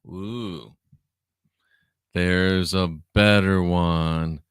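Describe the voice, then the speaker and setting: A man's voice: fairly low pitch, lively intonation, slow pace, long pauses, sharp tone, clean tone, dry recording, studio quality. A man who used to be a minister hosting a livestream, drawling sarcastically while he reads viewer comments aloud. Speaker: online show host, former minister. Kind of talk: livestream commentary reading chat.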